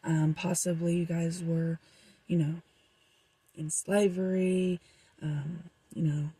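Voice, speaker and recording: A woman's voice: on the low side, level tone, takes it slowly, mellow, husky, dry recording, low-quality recording. A young woman doing a casual, rambling tarot reading for her viewers, with frequent fillers. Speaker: tarot reader.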